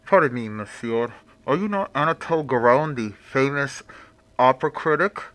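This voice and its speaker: A man's voice: mid-range voice, moderate pace, fairly bright tone, natural voice. A man voicing a menacing masked phantom who speaks muffled, with icy politeness.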